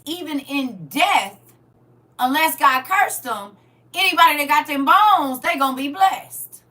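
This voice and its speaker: A woman's voice: high voice, recorded from a distance. A woman, reading scripture aloud and commenting on it in a preachy way, full of rhetorical questions. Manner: preachy, rhetorical questions, swings from loud to quiet. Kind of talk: casual livestream commentary.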